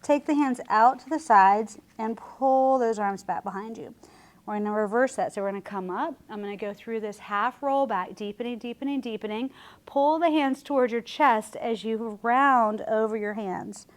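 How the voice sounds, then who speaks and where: A woman instructing a Pilates class, calmly cueing breaths while she demonstrates the moves. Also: on the high side, normal speed. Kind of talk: guided exercise instruction.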